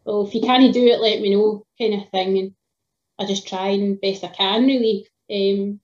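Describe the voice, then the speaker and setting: A woman's voice: mid-range voice, steady tone, normal speed, darkish tone, muffled recording. A woman, a tradeswoman chatting casually on a video call, with lots of fillers and laughs. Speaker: tradeswoman guest.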